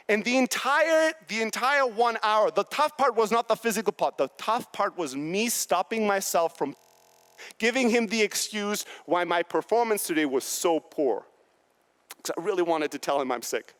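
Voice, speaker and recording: A man in his thirties giving a blunt, profane, high-energy motivational talk on a conference stage. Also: lively intonation, moderate pace, fairly bright tone. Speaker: keynote speaker.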